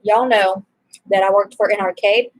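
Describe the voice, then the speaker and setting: A woman's voice: medium pitch, steady tone, moderate pace, rough recording. A young adult woman chatting casually to her viewers while eating supper, rambling from topic to topic with exasperated asides. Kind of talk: casual chat.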